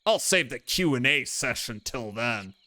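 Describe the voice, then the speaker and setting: A man's voice: mid-range voice, expressive, a little slow, bright, forceful tone, dry recording. A man reading the lines of a brash, aloof young male drifter from a video game, curt and dismissive. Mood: wary.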